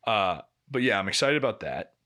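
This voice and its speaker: A young man with a lowish voice talks briskly as he co-hosts a podcast. He tells stories in casual chat, animatedly acting out quotes and swearing freely.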